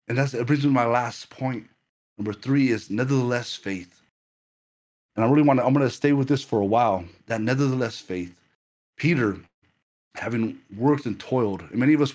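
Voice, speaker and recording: A man's voice: medium pitch, fairly quick. A man preaching a sermon to a livestream audience, earnest and full of stammered repetitions.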